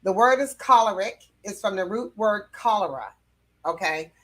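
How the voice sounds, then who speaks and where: A woman's voice: mid-range voice, expressive, normal speed, fairly bright tone. A woman teaching about personality temperaments in a casual, conversational way, with fillers and light laughs.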